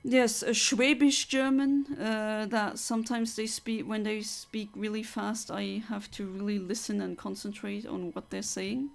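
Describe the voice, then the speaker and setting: A woman's voice: mid-range voice, fairly even intonation, unhurried, vocal fry, few pauses. A woman from Luxembourg, chatting casually as a streamer and reading out viewer comments, reflective with frequent fillers and restarts.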